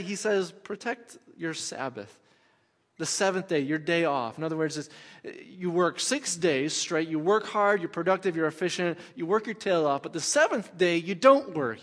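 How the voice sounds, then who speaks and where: A middle-aged man, a pastor, preaching a sermon in a conversational way, repeating key phrases for emphasis. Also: sits high. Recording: long hall reverb.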